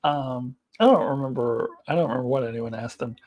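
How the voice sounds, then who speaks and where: The recording is muffled as this middle-aged American woman, speaking in a bass voice, hosts an easygoing live chat. She responds to comments, wanders from point to point, giggles frequently, and trails off with lots of filler words.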